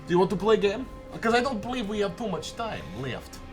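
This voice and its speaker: A man's voice: high-pitched, big pitch swings, fast. A man hosting a casual stream, playful and laughing, joking in broken English with music playing behind. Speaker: show host. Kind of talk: casual drinking chat with a put-on Russian accent.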